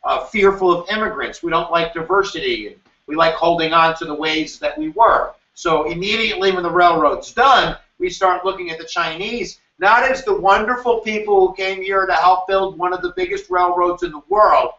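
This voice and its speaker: A man giving an animated, jokey history review lecture as a teacher, acting out quoted voices now and then. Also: high-pitched, moderate pace, few pauses. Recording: roomy, distant, dull sound.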